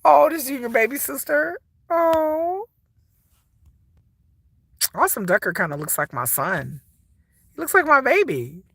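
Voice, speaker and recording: A woman's voice: on the high side, big pitch swings, brisk, vocal fry, fairly bright tone, breathy edge, no echo. A woman in her forties chatting casually to camera as a vlogger, rambling, laughing often and mimicking people. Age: 40s.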